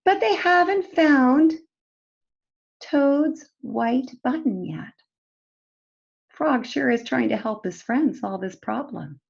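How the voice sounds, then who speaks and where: A woman teacher reads a storybook aloud to children, turning to them with questions. Her voice is high and lively, moving slowly through the story. The recording sounds dull and lo-fi. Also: creaky. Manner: expressive, talks to children directly.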